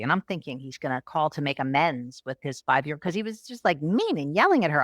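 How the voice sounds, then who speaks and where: A middle-aged woman, a coach, telling a personal story in a podcast interview, animated and acting out quotes. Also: fast, hardly any pauses, dry recording, studio quality. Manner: animated, acts out quotes with raised pitch. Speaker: guest, transformational coach.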